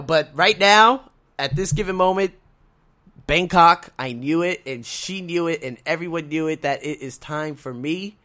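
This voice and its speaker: A man hosting a solo podcast, exuberant and repetitive, swinging between shouted excitement and quiet reflection, laughing often as he talks. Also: mid-range voice. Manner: laughs often while talking. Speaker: podcast host.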